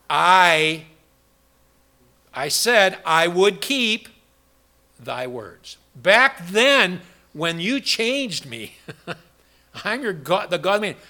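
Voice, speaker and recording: Gravelly, bright-toned man preaching a Bible study. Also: high-pitched. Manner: rambling, restarts, quizzes the congregation. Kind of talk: interactive Bible study sermon.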